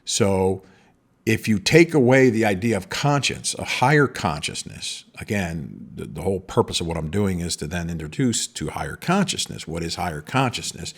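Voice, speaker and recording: A man's voice: low-pitched, lively intonation, normal speed, breathy edge. A middle-aged man hosting a podcast, talking in a rambling monologue with many restarts. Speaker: podcast host. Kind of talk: casual monologue.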